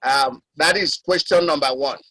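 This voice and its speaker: A man with a high, bright voice asks his questions in a measured, formal way. His voice is dry and close, with no room sound. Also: no echo, rough recording. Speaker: caller.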